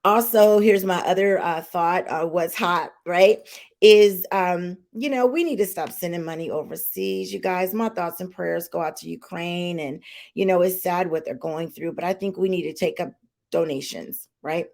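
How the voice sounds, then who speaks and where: A woman with a lowish, gravelly voice and darkish tone talks at a moderate pace as she hosts a podcast livestream. She speaks straight to her audience, casually voicing strong opinions and emphatically restating them.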